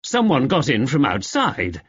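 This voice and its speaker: A man's voice: medium pitch, wildly swooping pitch, measured pace, breathy edge, no room sound, dull audio, pitched above the performer's own voice, exaggerated voice. A man voicing a nervous, gullible man who complacently explains conspiracy theories.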